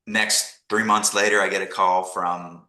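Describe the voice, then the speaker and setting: Deep-voiced man from Canada telling stories. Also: unhurried, roomy sound, poor audio. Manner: animated storyteller acting out quoted people. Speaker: guest. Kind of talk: casual storytelling interview.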